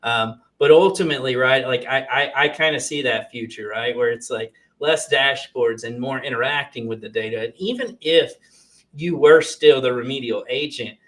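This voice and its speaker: A man in a casual conversation who hosts the exchange. His voice sits at an ordinary middle pitch. He halts often, restarts his sentences and fills gaps with "um" and "you know" while he works out his thoughts. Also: normal speed, a bit bright. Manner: hesitant, many restarts and fillers.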